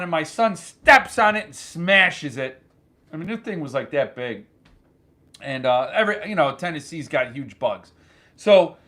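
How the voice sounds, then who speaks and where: A man hosting his own channel, telling a story in an animated, joking casual chat. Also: on the high side. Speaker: channel host.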